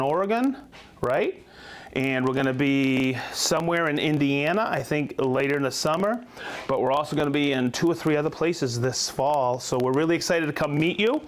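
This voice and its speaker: Upbeat, lively-voiced man hosting a live stream. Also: a little high. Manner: upbeat and chatty, rattling off viewer locations. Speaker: host of a company livestream. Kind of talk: live product demo and viewer shout-outs.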